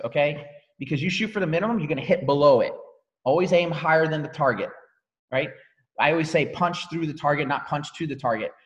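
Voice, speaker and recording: Energetic man coaching his team. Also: on the high side, long reverb tail, highs cut off. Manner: energetic, emphatic, repeats key phrases. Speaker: business coach leading a team training. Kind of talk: motivational training talk on a call.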